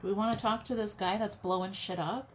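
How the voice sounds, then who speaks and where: A woman's voice: medium pitch, fairly even intonation, brisk, slight background noise. A woman giving a casual tarot reading to her viewers, chatty and blunt, with some swearing. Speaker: tarot reader.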